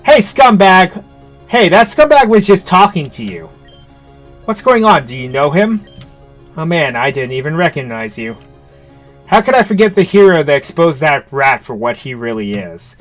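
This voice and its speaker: A man's voice: a little high, big pitch swings, moderate pace, faint music behind. A man voicing a brash, eager environmentalist ally in a game, chummy with crude slang. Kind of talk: reading game dialogue aloud.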